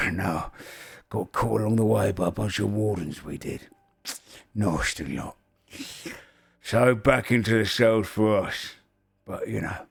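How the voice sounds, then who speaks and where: A man voicing a short, clever male ogre prisoner who chats roughly and swears casually. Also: fairly low pitch, expressive, measured pace, pauses often, heavily acted. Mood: chatty.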